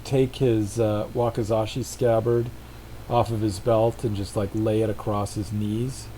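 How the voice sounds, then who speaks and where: Mellow-voiced man playing his character. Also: on the low side, flat delivery, measured pace, a little hiss or hum, poor audio. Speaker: player. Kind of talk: tabletop role-play, in and out of character.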